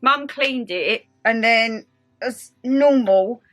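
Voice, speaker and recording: A young woman from England vlogging at home, chatting excitedly and gushing over gifts. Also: on the high side, takes it slowly, soft background music. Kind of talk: casual chat.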